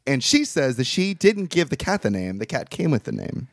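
A man's voice: medium pitch, very animated, moderate pace, no room sound, clean studio sound. A man hosting a podcast who recaps a movie in casual chat, joking and laughing often. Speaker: podcast host.

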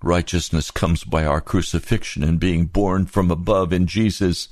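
Low-voiced impassioned male preacher. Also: steady tone, moderate pace, few pauses, a little mellow, dry recording, studio quality. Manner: impassioned, rhetorical questions, rises to high emphatic peaks. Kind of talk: sermon.

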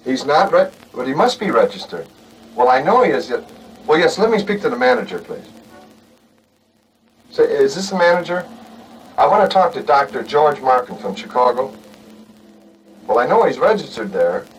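A man's voice: medium pitch, sing-song, moderate pace, pauses often, natural voice. An actor playing a young northern man who fakes a Southern accent on a phone call, stammering and polite, in a 1960s film. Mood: nervous, insistent. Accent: put-on American Southern. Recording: distant 1960s film soundtrack, faint hiss.

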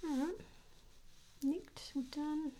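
A woman's voice: high voice, fairly even intonation, takes it slowly, warm tone, slight background noise. An older woman, chatting casually about slang, laughing often and finishing her friend's sentences. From came from England as a child, grew up in Sydney. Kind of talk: casual chat explaining slang.

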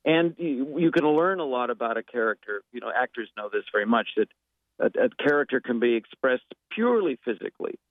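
A man with a mid-range voice and lively intonation speaks a little fast in a casual interview, where he's a guest actor and impressionist. He rambles thoughtfully, with lots of fillers and restarts. The recording is dry and sounds phone-quality.

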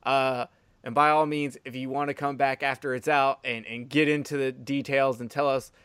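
A man hosts a casual podcast in a middle-pitched voice that sounds smooth and clear. He rambles with enthusiasm and swears freely. His sound is close and dry. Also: little pitch movement, moderate pace, a bit bright, no echo. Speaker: podcast host.

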